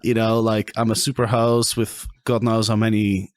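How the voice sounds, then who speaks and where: A man hosting a podcast who chats in a relaxed, casual way with frequent fillers and light laughs. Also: fairly low pitch, normal speed, no echo, clean studio sound. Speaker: podcast host. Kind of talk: casual interview chat.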